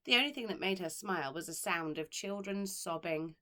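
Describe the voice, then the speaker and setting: A woman who teaches primary school, reading a children's story aloud with expressive delivery and dramatic pauses. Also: on the low side. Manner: expressive, dramatic pauses, slows on key words.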